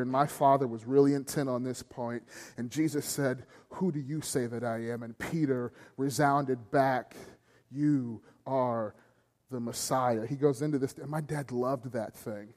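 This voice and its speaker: A man's voice: mid-range voice, a little mellow. A middle-aged man preaching a sermon, telling family stories with self-deprecating humor. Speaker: pastor. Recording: long hall reverb.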